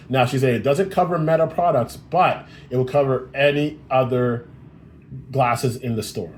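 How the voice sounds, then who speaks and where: A man in mid-pitch tells a long, casual story straight to the camera. He is blunt and exasperated and swears often as he recounts the hassle. A faint hum of room ambience sits behind his voice. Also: normal speed. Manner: blunt and profane, exasperated retelling. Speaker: vlogger.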